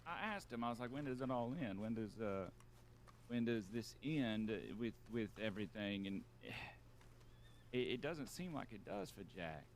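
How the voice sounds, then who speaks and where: A man plays an aging outlaw in a western roleplay game, with a lowish voice. He muses slowly in halting phrases, often restarting. The outlaw is weary and reflective. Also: animated, slight background noise. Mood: brooding. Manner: halting, many restarts, musing. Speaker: roleplay player.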